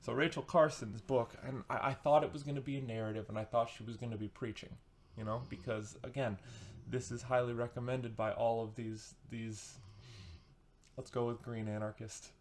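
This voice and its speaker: A man's voice: medium pitch, level tone, normal speed, a little hiss or hum. A man giving a casual, sarcastic and rambling book review as a vlogger, with comic asides.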